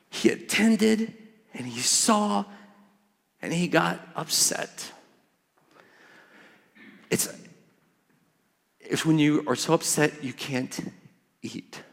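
A man preaching a sermon as pastor, emphatic and swinging from hushed words to loud ones. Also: sits high. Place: church. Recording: church hall reverb.

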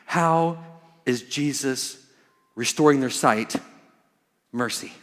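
A man preaching a sermon as pastor, emphatic and swinging from hushed words to loud ones. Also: a little high, normal speed. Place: church. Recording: church hall reverb.

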